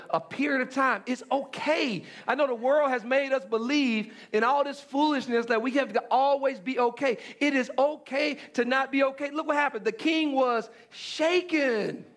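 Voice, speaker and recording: A man's voice: very high-pitched, moderate pace, hardly any pauses, fairly bright tone. A man preaching a sermon, repeating phrases with emphasis and stammering restarts as he builds his point. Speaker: pastor.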